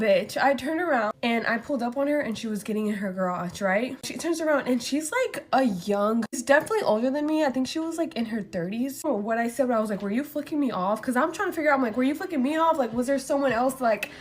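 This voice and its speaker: A woman's voice: high-pitched, fairly quick. A young woman in her twenties chatting casually and swearing freely while doing her makeup and telling a story. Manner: chatty, profane, animated storytelling. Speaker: beauty vlogger.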